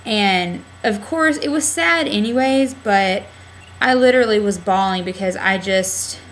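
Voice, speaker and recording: A woman's voice: mid-range voice, a little slow, a little hiss or hum, rough recording. A young adult woman talking candidly in a casual video diary on a webcam, rambling with lots of fillers. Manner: rambling, candid, heavy use of "like" and "um". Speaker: vlogger.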